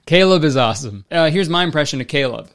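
A man's voice: on the high side, animated, fast talker. Male YouTube commentator, sarcastic and jokey, with light music underneath. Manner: sarcastic, jokey, laughs at his own jokes. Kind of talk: comedic commentary.

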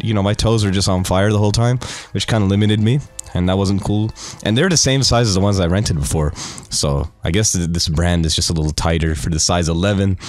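A young man doing casual, crude commentary on game summons, swearing freely and joking around, sometimes jumping into loud high mock voices. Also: dry recording. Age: young adult. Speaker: gaming youtuber.

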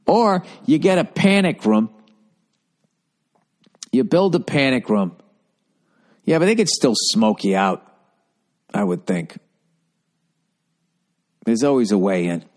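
A man's voice: medium pitch, very animated, slow, long pauses, a little mellow. A man hosting a podcast who delivers a comedic monologue rant in a profane, rambling, sarcastic way. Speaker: podcast host.

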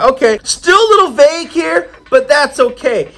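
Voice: high-pitched, animated, moderate pace, fairly bright tone. A comic book reviewer in a casual, chatty style, retelling the story loosely with playful asides.

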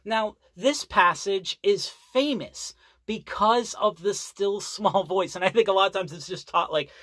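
A Bible teacher giving an earnest sermon, reading scripture aloud and explaining it with deliberate repetition. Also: mid-range voice, fairly bright tone, no echo. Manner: earnest, deliberate, repeats key phrases for emphasis.

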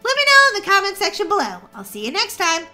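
Goofy woman doing gameplay commentary, high and super bright, voice bouncing all over. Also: wildly swooping pitch, fast, over loud music. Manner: silly and playful, sings goofy bits. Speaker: gaming video host.

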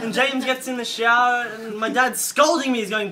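A young man telling a funny story in a casual, animated way, laughing often and swearing freely. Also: very high voice, brisk, hardly any pauses, over a noisy crowd. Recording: distant mic, loud background noise.

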